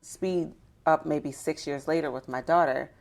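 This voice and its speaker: A woman recounts her own experiences in an interview, candid and conversational, with frequent fillers. Her voice sits very low and carries a gravelly fry. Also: a little slow, a little mellow. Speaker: doula and interview guest. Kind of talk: personal storytelling in an interview.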